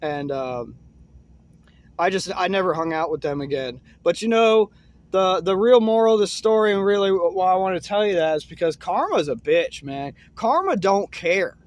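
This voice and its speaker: A young man casually telling a rambling story, filling it with "man" and "uh" and dropping low and soft at grim moments. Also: lively intonation, normal speed, dry recording.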